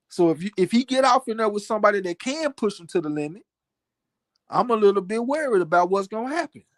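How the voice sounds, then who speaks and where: A man co-hosting a casual live-stream talk show, animated and profane, often repeating words as he gets worked up. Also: high voice, dry recording, clean studio sound. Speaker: podcast co-host. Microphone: home mic on live stream, cutting out.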